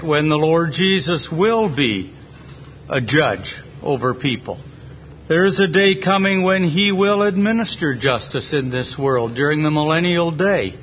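A North American man expounding a Bible passage in an earnest, deliberate way with pauses, in a dull lo-fi meeting recording. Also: medium pitch, fairly bright tone, a little hiss or hum. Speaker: preacher at a Bible reading. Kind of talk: slow, measured Bible exposition.

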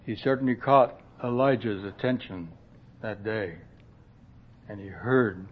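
A man preaching a sermon in a slow, earnest way, often dropping to a soft hush and clearing his throat. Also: lowish voice, slight background noise. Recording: dull lo-fi recording.

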